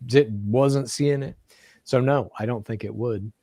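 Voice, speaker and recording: A man's voice: mid-range voice, a little slow, warm tone, no room sound, studio quality. A man co-hosting a podcast in casual chat, bluntly reading listener comments and swearing freely. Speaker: podcast co-host.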